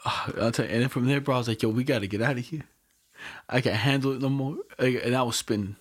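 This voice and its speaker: A man's voice: medium pitch, steady tone, fast talker. A young man in casual chat, telling a rambling story full of slang and cursing.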